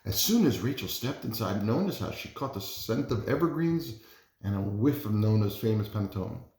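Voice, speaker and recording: A man, a parent, reading a children's storybook aloud in an expressive, animated way. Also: on the low side, normal speed, slight background noise. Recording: roomy echo.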